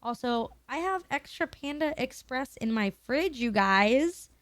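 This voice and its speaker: A woman's voice: high voice, lively intonation, a little slow, dry recording. A young woman streamer in her twenties chatting candidly and emotionally with her viewers, swearing casually.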